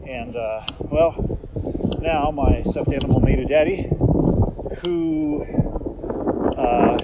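A man's voice: medium pitch, slow. Rambling man talking on a windy bike ride. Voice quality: chatty, tangent-prone, laughs often. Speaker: podcast host. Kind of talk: casual rambling monologue. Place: outdoors on a riverside bike path. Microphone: portable recorder while cycling. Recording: lo-fi with loud wind noise.

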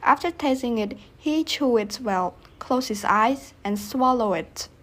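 A woman narrating a children's storybook, gently addressing the young listeners directly. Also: a little high, unhurried.

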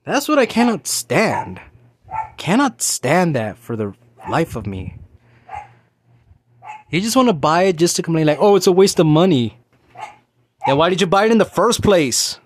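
A man's voice: fairly high pitch, big pitch swings, moderate pace, long pauses, slight background noise. A man in his thirties hosting a casual solo talk show, rambling and ranting, with many restarts and fillers. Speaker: podcast host.

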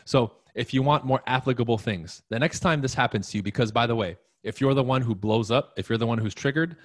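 A man's voice: medium pitch, brisk, no room sound, clean studio sound. A man coaching salespeople in a live-streamed talk, emphatic and blunt, swearing now and then as he addresses the listener directly. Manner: emphatic, profane, talks straight to the listener. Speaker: real estate coach.

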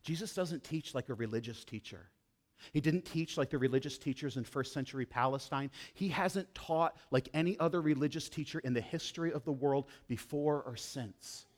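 A man preaching a sermon to a congregation, swinging between loud, emphatic lines and low, hushed ones while addressing the listeners directly. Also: moderate pace. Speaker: pastor.

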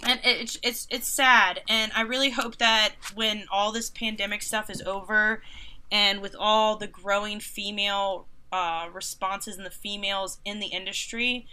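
A woman in her thirties, a concert photographer, telling stories in a casual interview with animated sarcasm and mocking quoted voices. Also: medium pitch, a little slow, clear, resonant tone. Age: 30s.

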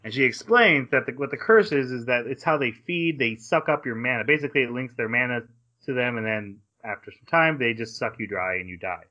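A man with a bright, forceful voice rambles through an episode recap and drops quick quoted asides along the way. The casual podcast audio sounds a little dull and lo-fi. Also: medium pitch, expressive. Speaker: podcast co-host.

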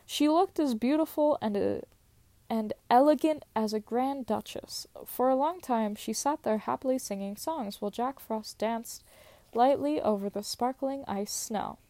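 A woman's voice: a little high, unhurried, mellow, no room sound. A young woman casually reading old stories aloud, stumbling over words and swearing in asides. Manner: stumbles and laughs at own slips, swears in asides. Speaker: storyteller.

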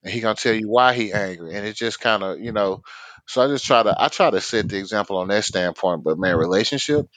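Man co-host, deep voice, dry close sound, halting and candid. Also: a bit bright, no echo, low-quality recording. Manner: candid, halting, with many fillers. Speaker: podcast co-host. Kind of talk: casual podcast conversation.

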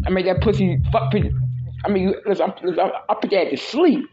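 A man's voice: high voice, quick pace. A man hosting a solo podcast, talking bluntly and crudely with many restarts and repeats. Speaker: podcast host. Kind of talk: casual solo podcast monologue. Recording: dull lo-fi with faint hiss.

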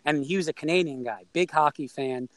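A middle-aged man from New York telling a story in a casual, animated way and acting out the people in it. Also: fairly high pitch, fairly quick, no room sound, low-quality recording. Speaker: storyteller guest.

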